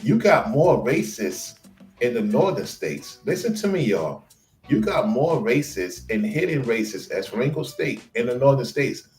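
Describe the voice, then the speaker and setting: Man, casual chat co-host, animated storyteller, roomy sound with faint music behind. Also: mid-range voice, moderate pace. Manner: animated storytelling, slips into quoted voices.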